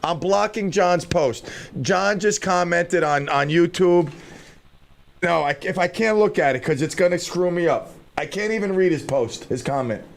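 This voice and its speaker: You hear a high, creaky male voice at ordinary speed: a middle-aged radio host wandering from thought to thought. He mocks himself casually as he thinks aloud and struggles with the gear in the studio.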